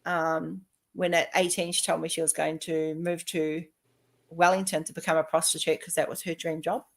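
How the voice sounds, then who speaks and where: A woman's voice: low-pitched, normal speed, vocal fry. Chatty middle-aged woman telling stories. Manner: chatty, animated storytelling, acting out quoted dialogue. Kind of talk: casual personal conversation.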